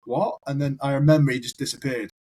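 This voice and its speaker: A man's voice: medium pitch, brisk, husky, poor audio. A man, a firefighter guest on a podcast, telling long rambling anecdotes in casual chat. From United Kingdom. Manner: rambling anecdotal storyteller, repeats words.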